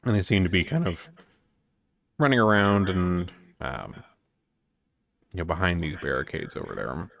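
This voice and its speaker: Deep-voiced man running the game. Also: animated, moderate pace, creaky, long pauses, fairly bright tone, no room sound. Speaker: game master. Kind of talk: narrating a tabletop game.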